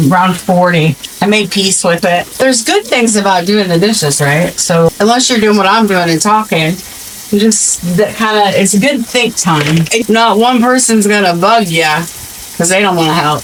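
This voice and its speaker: A woman in her fifties talks in a chatty, sarcastic way, her voice sitting in a mid pitch. She tells stories casually in a home kitchen, with faint sizzling and clatter behind her. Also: slight background noise, poor audio. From American Midwest. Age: 50s. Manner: sarcastic, chatty storyteller with frequent restarts. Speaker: vlogger. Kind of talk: casual chat while doing chores.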